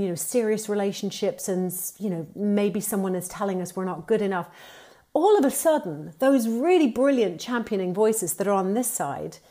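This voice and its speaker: Woman guest on a podcast, chatty and upbeat, middle pitch, acts out little voices. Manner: animated, upbeat storytelling with playful quoted voices. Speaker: guest, TV presenter and author. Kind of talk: conversational podcast interview.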